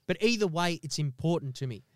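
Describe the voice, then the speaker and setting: A man's voice: on the high side, expressive, a little fast, no echo, studio quality. A man hosting a podcast, ranting in a heated, sweary, comedic way and often asking "do you know what I mean". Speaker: podcast host. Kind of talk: profane comedic rant.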